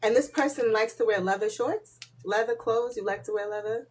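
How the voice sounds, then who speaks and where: Fairly high and a little mellow, her voice moves briskly as she runs a casual live spiritual reading. She's chatty and relaxed, laughs and swears without restraint, and often drops muttered asides to the people watching.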